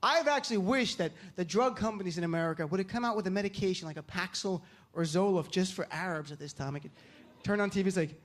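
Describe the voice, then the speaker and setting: A man from New Jersey doing stand-up comedy, with an animated, punchy delivery. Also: sits high, quick pace. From Lodi, New Jersey. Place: comedy stage. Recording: live venue with audience noise.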